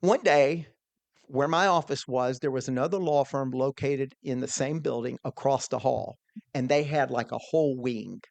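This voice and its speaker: A man telling an earnest, animated personal story as a podcast guest, quoting his own thoughts along the way. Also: mid-range voice, moderate pace, creaky, dry recording. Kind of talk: storytelling in a conversation.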